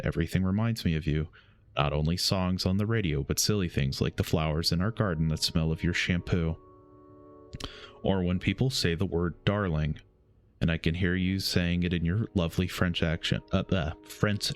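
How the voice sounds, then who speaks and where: Deep-voiced man reading game letters. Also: faint music behind. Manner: reads slowly, stumbles and self-corrects. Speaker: gaming streamer.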